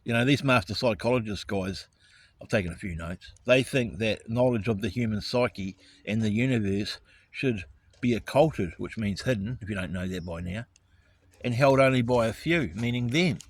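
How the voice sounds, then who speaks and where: A man's voice: on the low side, moderate pace, slightly rough. Profane, ranting man. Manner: angry, profane, righteous indignation. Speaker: vlogger. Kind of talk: ranting monologue to camera.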